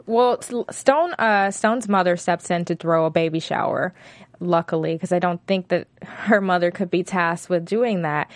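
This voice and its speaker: A woman's voice: on the low side, moderate pace, no room sound. A young woman co-hosting a casual reality-TV recap chat, retelling scenes plainly with filler words. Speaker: podcast co-host.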